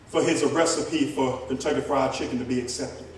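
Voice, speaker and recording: A male pastor preaching a sermon, rising into shouts and speaking straight to the congregation. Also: medium pitch, fairly even intonation, a little fast, a crowd in the background. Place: church sanctuary. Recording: echoey church hall from far off, congregation. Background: congregation responding.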